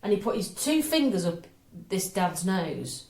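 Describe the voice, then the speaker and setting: A middle-aged woman co-hosting a podcast, telling jokes with dry punchlines in a brisk manner. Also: mid-range voice, big pitch swings, a little mellow. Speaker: podcast co-host. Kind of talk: casual chat, telling jokes. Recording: roomy echo.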